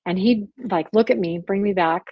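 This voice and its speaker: A woman's voice: medium pitch, moderate pace, no room sound, lo-fi sound. A married woman speaking as a podcast guest, talking candidly and earnestly in a casual, conversational way with lots of "like". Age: adult, married with children. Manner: earnest, candid, heavy use of "like". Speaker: guest, abuse survivor and author.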